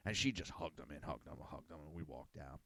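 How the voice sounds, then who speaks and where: A man's voice: a bass voice, fast, gravelly, no room sound. Blunt middle-aged man telling family stories. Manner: blunt, crude, animated storyteller acting out quotes. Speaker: podcast host. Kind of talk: casual storytelling monologue.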